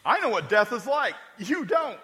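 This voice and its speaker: A man's voice: very high voice, big pitch swings, moderate pace, bright, forceful tone, pitched above the performer's own voice, full character voice. A man voicing Lazarus, a risen man who taunts those who would kill him. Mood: defiant. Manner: taunting, defiant. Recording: echoey hall.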